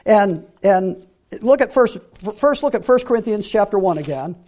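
A man giving a Bible teaching sermon, emphatic, repeating key phrases and dropping to quiet asides. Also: sits high, animated, moderate pace.

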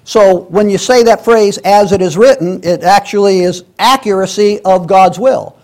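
A man's voice: sits high, normal speed, a little mellow. A man teaching a Sunday school class in a church, reading scripture aloud and explaining it in a conversational way, with many restarts and asides.

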